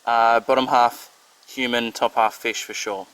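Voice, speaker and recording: A man's voice: mid-range voice, level tone, measured pace, fairly bright tone, clear, resonant tone, poor audio. A young Australian man reading out fan questions for his motorcycle vlog, laid-back, with dry joking answers. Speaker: motorcycle vlogger. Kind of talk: casual Q&A vlog.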